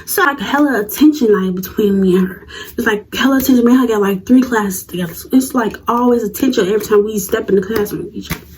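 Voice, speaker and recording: A 19-year-old woman telling a storytime vlog in a slangy, animated way. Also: a little high, fast, a little hiss or hum, low-quality recording. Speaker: vlogger.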